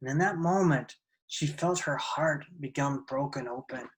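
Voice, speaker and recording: A storyteller telling a fable in a soft, unhurried way, with a mid-range voice. The telling stays casual and conversational, peppered with little fillers. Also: medium pitch, poor audio.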